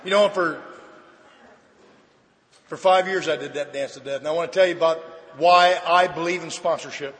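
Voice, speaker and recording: A middle-aged man sharing his story with a live audience at a recovery meeting, a folksy comic storyteller with dry deadpan asides. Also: fairly high pitch, normal speed, pauses often. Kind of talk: humorous personal testimony to an audience. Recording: reverberant hall, faint background noise.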